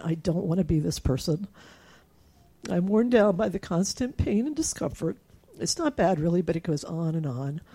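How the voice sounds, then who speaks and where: A middle-aged woman with cancer candidly tells her own story and reads her emails aloud, dropping in fillers and little laughs. Her voice is fairly low, dark, and husky.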